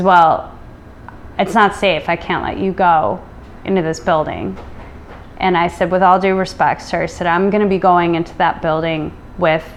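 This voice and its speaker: A middle-aged woman from the United States recounts her experience in a low, earnest voice. She talks with feeling, quoting what others said. A faint hiss of noise sits under the recording. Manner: emotional, recounting with reported dialogue. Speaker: guest. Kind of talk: personal storytelling.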